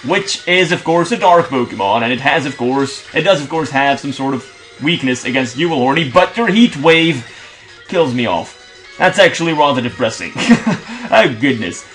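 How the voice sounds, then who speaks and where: A man's voice: mid-range voice, expressive, moderate pace, a bit bright. A young man from Belgium giving casual, swearing commentary as he plays a video game. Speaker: video game let's play host. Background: faint game music.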